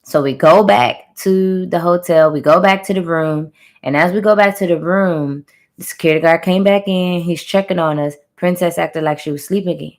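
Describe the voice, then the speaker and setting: A woman's voice: lowish voice, normal speed. A young adult woman casually retelling a dream to her viewers in an emphatic, slangy way, speaking straight to the camera. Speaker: spiritual reader sharing a channeled message.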